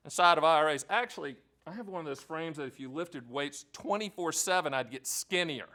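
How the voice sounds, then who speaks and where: A man hosting a direct-to-camera explainer as an annuity agent, talking in an energetic, joking and emphatic way. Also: fairly high pitch, a little fast, hardly any pauses. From American South. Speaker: annuity agent hosting his own channel.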